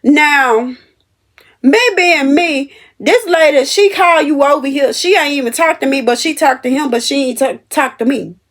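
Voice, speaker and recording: Young woman, high voice, animated and emphatic, storytelling vlog straight to viewers. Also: normal speed. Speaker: store cashier telling a work story. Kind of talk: casual storytelling to camera.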